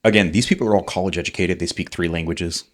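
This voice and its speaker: Deep-voiced veteran man telling stories. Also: steady tone, fast. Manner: rambling, leans on "like" fillers, swears freely. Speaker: podcast guest, military veteran. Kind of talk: casual conversational storytelling.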